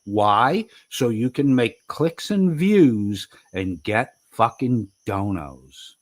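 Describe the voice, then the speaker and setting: A man's voice: medium pitch, lively intonation, slow pace, no room sound. A man arguing heatedly on a livestream, swearing and berating his opponent. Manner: profane, aggressive, berating. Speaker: livestream debater.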